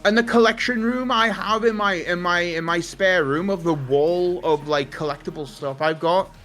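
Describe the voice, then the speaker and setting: A man's voice: high-pitched, moderate pace, a bit bright. A young man chatting casually, rambling and emotional, swearing freely and laughing often. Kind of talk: casual chat. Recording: faint music behind.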